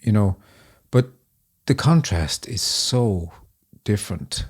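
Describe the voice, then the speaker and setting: Gravelly low-voiced halting man host. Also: animated. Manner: halting and searching, filled with "you know". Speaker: podcast host. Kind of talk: interview conversation.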